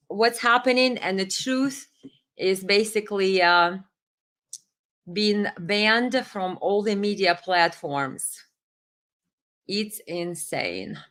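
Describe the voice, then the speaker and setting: A woman hosts a live commentary stream in a voice of ordinary, middle pitch for a woman. She speaks with passion and indignation and stumbles often over fillers and restarts, so it sounds unscripted and heated. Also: a bit bright. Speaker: livestream host. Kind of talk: live political commentary, reading viewer comments.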